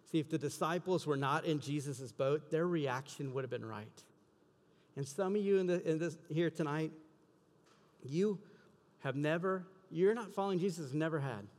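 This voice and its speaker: A man preaching a sermon as pastor, building to loud, emphatic passion. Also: a little high. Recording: long hall reverb.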